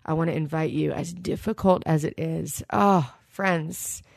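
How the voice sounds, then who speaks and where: A woman preacher giving an earnest sermon and reading scripture at a steady pace. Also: low-pitched, a little slow, gravelly, no room sound.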